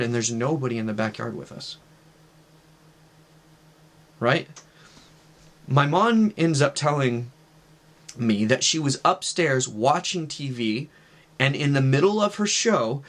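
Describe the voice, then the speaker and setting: A man's voice: on the high side, fairly bright tone. A man in his thirties telling a personal testimony in casual, earnest storytelling, with fillers like "right" and "like". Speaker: vlogger sharing a testimony.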